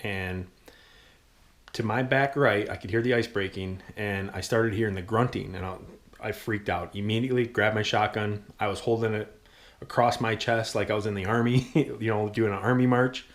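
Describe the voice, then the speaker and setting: A young man from Michigan casually telling a hunting story to the camera, excitable and rambling with frequent ums and little laughs. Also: lowish voice, moderate pace. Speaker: hunting channel host.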